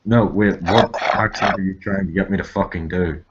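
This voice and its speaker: Low-voiced joking man on voice chat. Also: fairly even intonation, normal speed, lo-fi sound, background noise. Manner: joking, profane, playful. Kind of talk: casual late-night voice chat.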